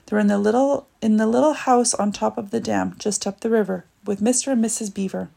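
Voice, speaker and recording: A woman's voice: mid-range voice, steady tone, brisk, vocal fry, warm tone. A woman doing a trembling, stammering young boy. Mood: pleading. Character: frightened young boy, eager to please.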